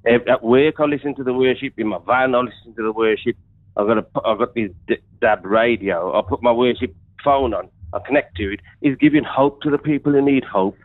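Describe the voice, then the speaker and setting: A man with a West Midlands accent calls in to a radio show and gives an earnest personal testimony, often doubling back and repeating his words. His voice sits at an ordinary middle pitch. It comes through a tinny, narrow phone line with no room sound. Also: a little fast, no echo. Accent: West Midlands English. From England. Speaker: caller.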